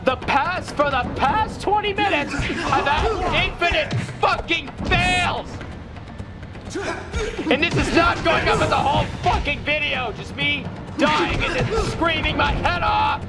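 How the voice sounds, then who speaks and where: A young man playing a video game and shouting and swearing at it in fury, over the game's music. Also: extremely high pitch, gravelly. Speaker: gaming YouTuber. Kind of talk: angry gameplay commentary.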